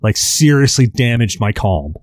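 A man's voice: mid-range voice, big pitch swings, moderate pace, darkish tone. A man in his thirties telling a long anecdote on a podcast, casual and profane, full of fillers and restarts. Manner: rambling, filler-heavy, profane. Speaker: podcast host. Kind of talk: casual storytelling.

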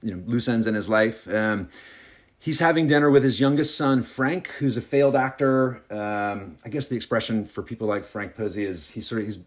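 Novelist man with an Alabama accent. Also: lowish voice. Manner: halting, many fillers and restarts when chatting. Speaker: guest novelist. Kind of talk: podcast chat and reading aloud from his novella.

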